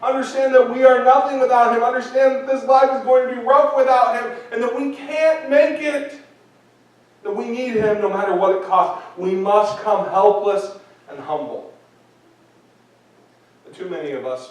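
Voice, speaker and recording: A man with a high, light voice preaches a sermon, driving his points home by repeating them and acting out little quoted speeches. He sounds as if he is well away from the microphone, and the church around him rings with strong echo. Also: moderate pace. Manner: earnest, repetitive preaching with acted-out quotes. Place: church sanctuary. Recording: echoey church hall from a distance.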